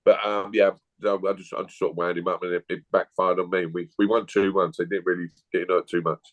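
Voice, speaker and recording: A man's voice: low-pitched, flat delivery, fast, rough recording. A man, a guest telling blunt, jokey stories in a casual chat.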